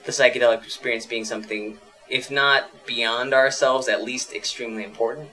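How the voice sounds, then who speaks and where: A man's voice: medium pitch, steady tone, brisk, sharp tone, rough recording. Curious male interviewer, probing questions. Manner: curious, asks long probing follow-up questions. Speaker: host interviewer. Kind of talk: casual conversational interview.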